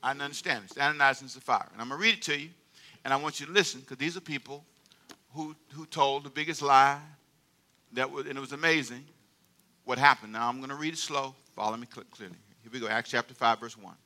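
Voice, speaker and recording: A man preaching a sermon as pastor, playful and animated, drawing the congregation into call-and-response. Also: medium pitch, quick pace.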